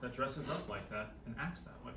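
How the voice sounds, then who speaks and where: A man's voice: medium pitch, animated, brisk, noisy background. A man in casual chat, joking and teasing, who has lost his sense of taste and smell. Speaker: guest. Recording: roomy room, far mic.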